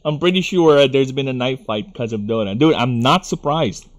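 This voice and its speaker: A man's voice: mid-range voice, moderate pace. Rambling Filipino man streaming a game. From Philippines. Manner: rambling, profane, goes off on rants. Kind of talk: live gaming stream chat.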